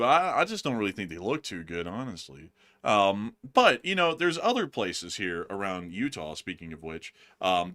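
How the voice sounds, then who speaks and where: A man's voice: fairly low pitch, pushed and bright. A young man hosting a casual chat show, rambling and joking, laughing often as he talks. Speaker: show host.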